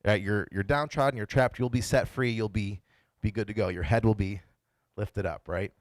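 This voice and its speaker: A man's voice: lowish voice, normal speed, no room sound. A man pastor giving a casual, conversational sermon and retelling the story in his own words. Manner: conversational, playfully voices the characters he quotes.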